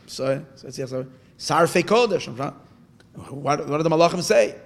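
Gravelly, husky male Torah teacher. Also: a little high. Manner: asks questions and answers them himself; halting, with frequent restarts. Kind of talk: teaching lesson with storytelling.

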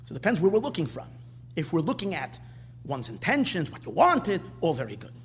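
A man giving an animated Torah class, driving his points home with rhetorical questions and repeated phrases. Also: on the high side, brisk, slight background noise. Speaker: Torah teacher.

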